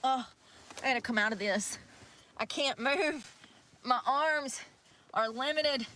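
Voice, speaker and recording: Slow-talking woman, out of breath. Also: high-pitched, bright, forceful tone, slight background noise. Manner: rambling, cursing freely. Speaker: vlogger. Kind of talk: casual livestream chat. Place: outdoors in the snow by a river.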